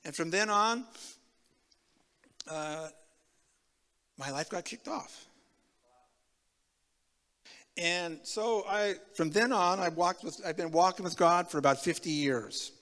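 Bright-voiced man in his seventies preaching. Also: high-pitched, measured pace, pauses often, big-room sound. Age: 70s. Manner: animated storyteller acting out dialogue. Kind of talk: testimony sermon.

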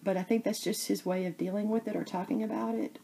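A woman chatting casually to camera as a crafting vlogger, rambling and halting with many fillers. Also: mid-range voice, fairly even intonation, creaky, noisy background.

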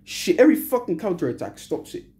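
Young woman, furious fan rant, heavy swearing, repetitive, very animated pitch. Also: fast talker. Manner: furious, profane, repeats short phrases. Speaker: football fan giving a match reaction. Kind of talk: angry post-match rant.

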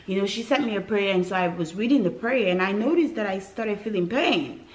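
A woman from West Africa recounts her birth story straight to camera in a relaxed vlog style. She tells it dramatically, with asides to her viewers along the way. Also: medium pitch, a little fast, rough recording. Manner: animated, dramatic retelling with acted quotes and asides to viewers.

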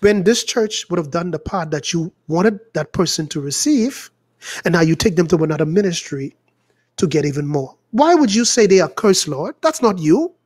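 A male pastor preaches with fervor, and his voice sits fairly high for a man. He swings between loud climbs and low, drawn-out phrases, slowing right down on the words he wants to land. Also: animated. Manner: fervent, rising and falling, stretches words for emphasis. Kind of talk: preaching prayer and sermon.

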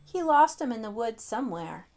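A woman reading a children's picture book aloud as storyteller, slow and expressive. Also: fairly high pitch, faint music behind. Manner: slow, expressive, sing-song.

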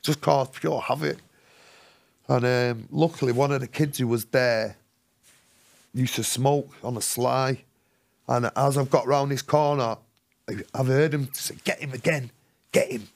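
A man with a gravelly, creaky voice, recounting his own life story as a podcast guest. He talks in casual slang and animates his story by acting out the voices of others. His pitch sits in an ordinary middle range. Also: fairly even intonation, measured pace, long pauses, darkish tone. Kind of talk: storytelling interview.

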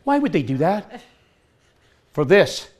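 A man presenting a farming workshop to a live audience, energetic and quizzing the listeners as he talks. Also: high-pitched, slow pace. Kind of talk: lively workshop talk.

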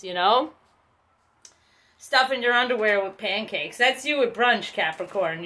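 A woman's voice: medium pitch, pushed and bright. A woman giving a casual tarot reading, rambling and chatty with lots of swearing. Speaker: tarot reader.

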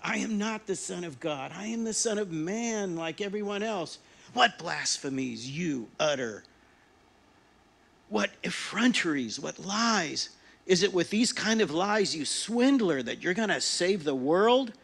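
A man voicing Jesus as an angry, defiant ordinary man who shouts his accusations. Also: on the high side, very animated, takes it slowly, creaky, voice pushed up, exaggerated voice. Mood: furious.

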